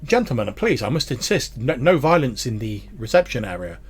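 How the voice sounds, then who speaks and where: A man's voice: medium pitch, big pitch swings, a little fast, husky. A man voicing a polite, electronic-sounding male diplomat droid. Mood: insistent.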